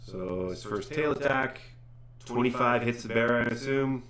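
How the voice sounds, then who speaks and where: Bright-voiced man running a tabletop game. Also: mid-range voice. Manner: halting, self-correcting narration. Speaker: game master. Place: home streaming setup.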